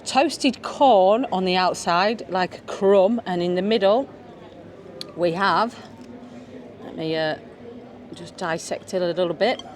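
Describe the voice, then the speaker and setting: A woman with a fairly low-pitched voice talks slowly and pauses often as she vlogs from a beachfront restaurant. Over a busy crowd's noise, she casually comments on the tapas, humming her approval at every bite.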